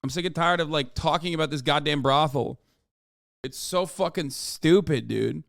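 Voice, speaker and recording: A man's voice: a little high, moderate pace, gravelly, fairly bright tone, no room sound, studio quality. A man streaming a casual reaction commentary, ranting in an exasperated, profane way.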